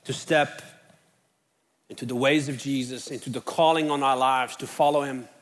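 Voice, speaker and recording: A man's voice: medium pitch, fairly even intonation, normal speed. A man preaching a sermon in an earnest way, building up with rising questions. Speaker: pastor. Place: church sanctuary. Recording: long reverb of a church hall.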